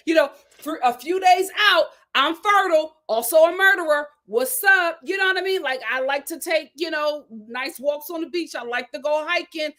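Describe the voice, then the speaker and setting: A woman's voice: high-pitched, normal speed, few pauses. A woman hosting a reality TV recap, talking casually and sassily, laughing and acting out the people she quotes. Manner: sassy, animated, laughing, acts out quotes.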